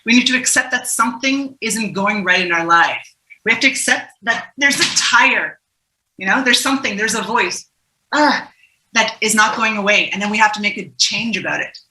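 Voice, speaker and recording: A woman's voice: medium pitch, moderate pace, pushed and bright, echoey room, rough recording. A woman leading an interactive online workshop over a video call, upbeat and chatty, greeting participants by name. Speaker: keynote speaker and workshop host. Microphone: computer microphone on a video call.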